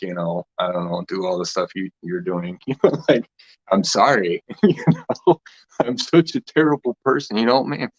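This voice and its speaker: A man's voice: fairly low pitch, dull audio. A man hosting a casual spiritual talk session. He rambles and meanders, laughs often, and trails off mid-thought.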